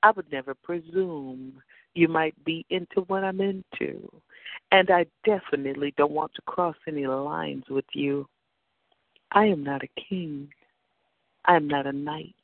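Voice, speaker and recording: A man's voice: a little high, a little slow, vocal fry, dry recording. A man voicing a humble, earnest male lover in a story. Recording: dry phone-like sound.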